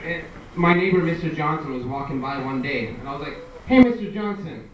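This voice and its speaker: A man's voice: fairly high pitch, brisk, fairly bright tone, lo-fi sound. A young man doing a stand-up comedy set, talking conversationally and acting out the people in his stories. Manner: conversational, acts out quoted voices. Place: live comedy venue. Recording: echoey room from far off with noise.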